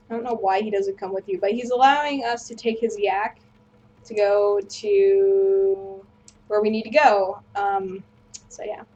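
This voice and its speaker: A woman's voice: medium pitch, darkish tone, muffled recording. A woman hosting a gameplay video, rambling through casual commentary and apologizing self-deprecatingly. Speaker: gaming video host.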